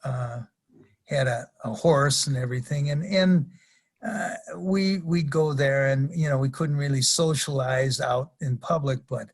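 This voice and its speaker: An older man, a retired wrestler appearing as a podcast guest, spins rambling anecdotes in a casual interview and chuckles at his own tales. His mid-range voice keeps a measured pace.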